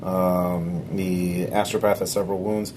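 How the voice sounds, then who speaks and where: A man running a tabletop game as game master, describing scenes in a relaxed way with many filler sounds. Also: deep voice, unhurried, background noise.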